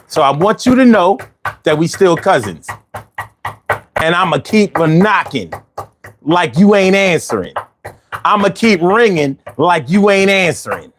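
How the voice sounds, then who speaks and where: A man's voice: fairly high pitch, background noise. A man voicing old aches as a pestering male cousin who talks in slangy, rhythmic lines.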